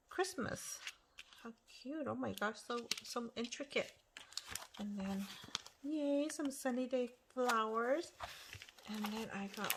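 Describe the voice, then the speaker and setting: A woman's voice: fairly high pitch, noisy background. Gushing woman unboxing craft mail. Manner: gushing, exclaims over each item. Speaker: crafting channel host. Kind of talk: casual unboxing chat. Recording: loud crinkling paper handling. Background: paper crinkling and tearing.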